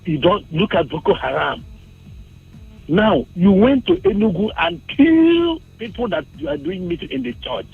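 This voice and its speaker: Nigerian male caller, agitated and repetitive, high lively voice, husky and gravelly, tinny phone line. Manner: agitated, repeats that he is angry.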